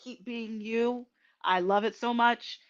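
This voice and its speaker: Slow, halting woman host, tearful. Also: a little high, steady tone, muffled recording. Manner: slow and halting, many ums and restarts; tearful and emotional. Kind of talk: casual heartfelt livestream talk.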